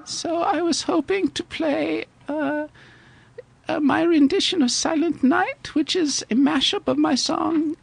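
A woman's voice: high-pitched, vocal fry, noisy background, exaggerated voice. A performer voicing a whimsical, touchy female singer from Iceland, with a put-on Icelandic accent, in an improvised comedy podcast bit. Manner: halting, touchy, quick to snap back.

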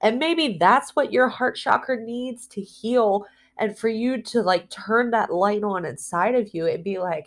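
A woman speaking earnestly in a motivational talk, slowing down to stress key words. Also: on the high side. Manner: earnest, emphatic, slows down for emphasis.

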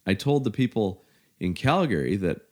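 A middle-aged man from Canada, telling his story in casual, halting conversation, full of "you know" fillers. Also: fairly low pitch, sing-song.

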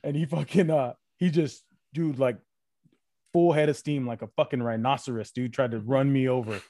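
A man's voice: medium pitch, normal speed, no room sound, clean studio sound. A man, a podcast guest, telling a rowdy story in casual chat, swearing constantly and piling on fillers. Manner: profane, animated storytelling full of fillers. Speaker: podcast guest, former retail loss-prevention worker.

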